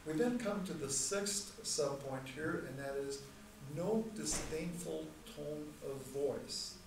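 A man teaching a church class in a measured, deliberate way, repeating key points and slowing down to stress terms. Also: fairly high pitch, expressive. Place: church hall. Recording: echoey room, mic far off, faint noise.

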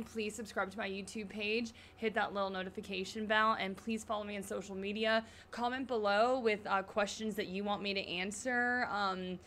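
A bubbly young woman gushes through a casual reaction chat, her voice bright with a gravelly fry at the edges. She talks unhurriedly and sits a little high in pitch. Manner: bubbly, gushing, lots of "like" and "y'all". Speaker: YouTuber reacting to a show.

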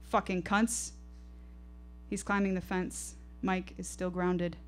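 Low-voiced woman performing intense poetic storytelling. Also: level tone, a little slow, clear, resonant tone. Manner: intense, poetic, rhythmic delivery. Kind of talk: live first-person storytelling performance. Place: live showcase stage.

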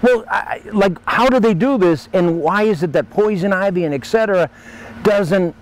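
A man's voice: high voice, normal speed, low-quality recording. A man hosting a casual gardening show outdoors at a farm, joking and talking to goats like a work crew. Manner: jokey, talks to the goats like workers.

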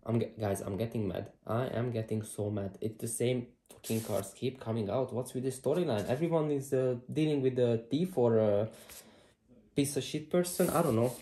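A man doing a casual tarot reading to camera, blunt and excitable, swearing freely as he thinks aloud. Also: mid-range voice, normal speed, slight background noise. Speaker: tarot reader. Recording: roomy echo.

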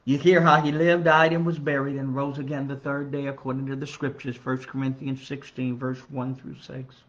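A man, a minister, giving an earnest Bible study lesson in a church, measured and building emphasis on key phrases. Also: medium pitch, level tone, fairly bright tone. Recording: dull lo-fi recording.

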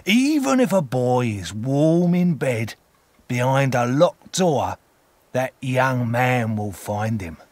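A man voicing a gruff, menacing escaped convict in a storybook reading, growling slowly and threateningly. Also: medium pitch, very animated, dry recording.

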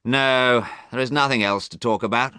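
A man voicing an amused, cynical gentleman in a storybook reading, slow and drawling. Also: mid-range voice, fairly even intonation, smooth, no echo, clean studio sound, voice pushed up, close to an everyday voice.

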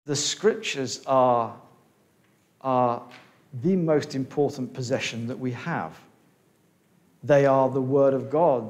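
Brief: man preaching a sermon, mid-pitched, earnest, stumbles and restarts. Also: darkish tone. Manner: halting, restarts words, earnest. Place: church hall.

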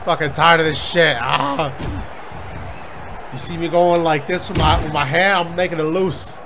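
A man giving loud, profane let's-play commentary while wrestling in a video game. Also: a little high, moderate pace, noisy background. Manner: excitable, profane, yelling at the game. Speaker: gaming YouTuber.

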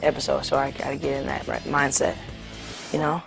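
A man's voice: mid-range voice, level tone, fairly quick, vocal fry, loud music behind the voice, rough recording. A young man as an interview guest, casual and teasing in his chat. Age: young adult.

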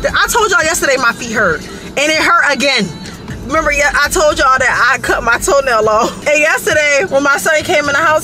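A woman's voice: sits high, lively intonation, fairly quick, music in the background, a crowd in the background, rough recording. A woman, chatting casually to her viewers in a vlog. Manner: chatty, talks straight to viewers with "y'all". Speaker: vlogger.

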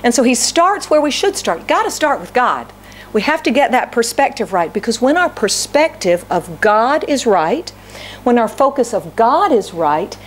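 Delivering a sermon, this middle-aged pastor asks her congregation questions and voices prayers and complaints as if quoting others. Her voice leans high, with slight background noise.

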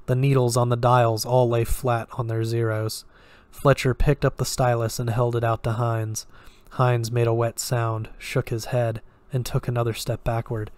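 A man reads a horror story aloud in a measured, steady way, now and then tripping over a word. His voice sits at an ordinary male pitch and stays flat. The recording is close and dry, with no room sound. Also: no echo. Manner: measured and steady, with occasional slips. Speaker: story reader.

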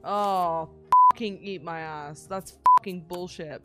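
A woman's voice: lowish voice, takes it slowly, music in the background. A young woman streaming games live, swearing constantly and ranting at the game when it frustrates her.

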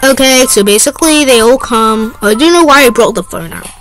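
High, lively woman doing giggly toy play. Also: a little fast, faint music behind, low-quality recording. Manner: giggly, playful, often breaking into laughter. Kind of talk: improvised toy role-play voicing many characters.

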